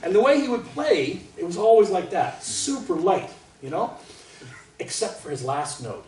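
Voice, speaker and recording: A man, a trumpet soloist, teaching a master class in an animated, chatty way and laughing often. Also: high voice, moderate pace. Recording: roomy hall from far off, faint noise.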